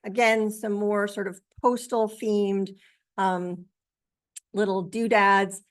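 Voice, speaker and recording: A woman author talking about her book and showing her artwork, in a halting way with many pauses and fillers. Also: medium pitch, flat delivery. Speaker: author and widow.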